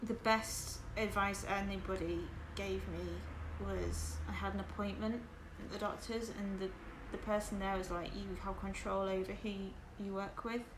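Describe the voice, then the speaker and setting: A woman's voice: mid-range voice, fairly even intonation, a little slow, few pauses. Chatty woman with a Southern English accent. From West Yorkshire, England. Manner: chatty and candid, many fillers and restarts. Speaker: livestream host. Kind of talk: casual chat with stream viewers. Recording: echoey room with background noise.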